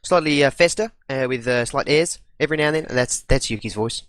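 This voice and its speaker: A man's voice: mid-range voice, fast talker, fairly bright tone, no echo. A young English man co-casting an esports match, hesitant and stammering with restarts. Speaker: esports co-caster. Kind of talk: live esports commentary.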